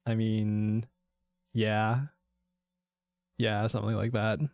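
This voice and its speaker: A man's voice: on the low side, completely flat delivery, takes it slowly, gravelly, darkish tone, smooth, no echo, highs cut off. A man chatting casually on a game-dev live stream, rambling from one aside to the next, swearing freely and laughing often. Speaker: VTuber game developer streamer.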